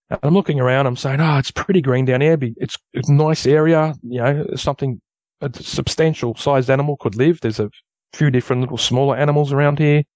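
A man with an Australian accent, a guest telling a long story in a rambling, casual way that turns animated at the tense parts. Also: medium pitch, no room sound. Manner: rambling, loose storyteller who grows animated at tense moments. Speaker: guest recounting an encounter.

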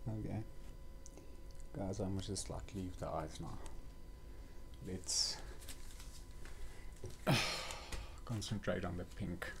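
A man's voice: low voice, steady tone, takes it slowly, vocal fry, pauses often, noisy background. A young man reviewing a toy kit in a casual vlog, muttering and sighing with exasperation as he paints.

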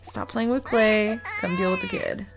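A woman's voice: mid-range voice, moderate pace, gravelly. Chatty woman narrating her gameplay. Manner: chatty, scolding her game characters. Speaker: gaming video host. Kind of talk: casual gameplay commentary. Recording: game music loud under voice. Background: game music and baby cries.

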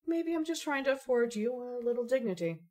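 A woman's voice: fairly high pitch, expressive, brisk, darkish tone. A woman playing an aloof, witty young woman gamer who talks in dry, elaborate phrases. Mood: arch. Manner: arch, dry, elaborate wordplay.

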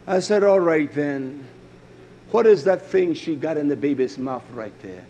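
A middle-aged man preaching a fiery, blunt sermon, who jumps from shouted lines to low mutters. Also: measured pace, slight background noise.

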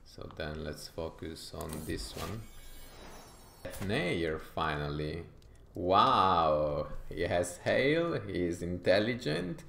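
A man's voice: low-pitched, lively intonation, slow, creaky, roomy sound, slight background noise. A man from Italy with an Italian accent, thinking aloud with frequent fillers as he comments on his strategy game playthrough. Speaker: gaming YouTuber.

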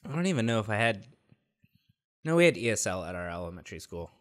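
A man's voice: lowish voice, sing-song, fast, a bit bright. A man co-hosting a comedy podcast, wry and skeptical, laughing often during casual banter. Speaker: podcast co-host.

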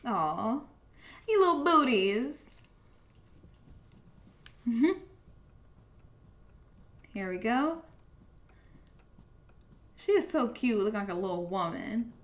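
A young woman streams a video game, chatting casually and reacting aloud as she plays. Her voice sits a little high and is very animated, though she takes it slowly and pauses often.

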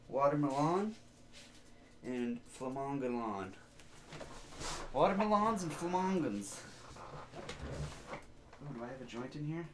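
A man's voice: medium pitch, animated, takes it slowly, pauses often, reverberant, slight background noise. A man hosting his own casual solo podcast, joking loosely and swearing freely as he rambles. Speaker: podcast host. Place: home basement studio.

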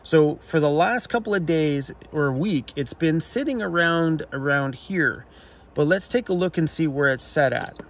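A man's voice: a little high, lively intonation, unhurried, a little hiss or hum. A man living in a van, ranting in a casual vlog and acting out both sides of his phone calls. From Canada. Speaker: van life vlogger. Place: inside a camper van.

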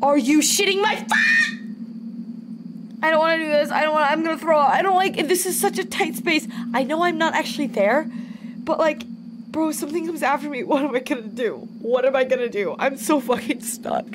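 A woman's voice: high-pitched, fast talker. A young woman streaming a horror game, talking nervously to herself, jumpy and swearing as she plays. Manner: nervous self-talk. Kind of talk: horror game let's play commentary. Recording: noisy background.

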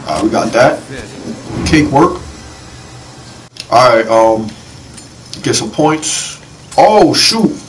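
Young male gamer host, excitable and slangy, animated pitch, recorded a bit distant from the mic. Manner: excitable, slangy, quick exclamations at the game. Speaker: gaming channel host. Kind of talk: casual let's-play commentary. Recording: voice a bit off-mic with faint noise.

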